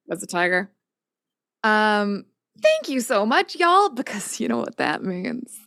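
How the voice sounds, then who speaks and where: A woman's voice: a little high, sing-song, pushed and bright, no room sound, clean studio sound. Chatty woman game master, many ums. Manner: chatty, lots of ums, quick asides. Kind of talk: narrating a tabletop game stream.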